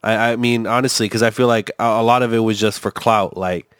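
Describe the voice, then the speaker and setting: A man's voice: fairly low pitch, steady tone, fairly quick, fairly bright tone, smooth, no room sound, studio quality. A man rambling through a casual podcast chat, swearing often and restarting his sentences with lots of fillers. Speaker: co-host reacting to a video.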